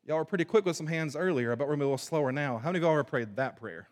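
A man preaching a sermon to a congregation, moving between forceful emphasis and hushed, low passages. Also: very fast, hardly any pauses. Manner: dynamic preaching, swinging from loud emphasis to hushed low tones. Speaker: pastor. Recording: long reverb of a large hall.

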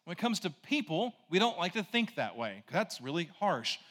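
A man's voice: sits high, very animated, moderate pace, a bit bright, big-room sound. A man preaching a conversational sermon, casual and rambling, full of asides and "right?" checks to the congregation. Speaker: pastor.

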